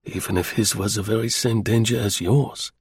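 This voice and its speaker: Cool British spy, low gravelly voice, earnest, played by the narrator. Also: male voice, fairly even intonation, normal speed, no room sound. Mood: probing.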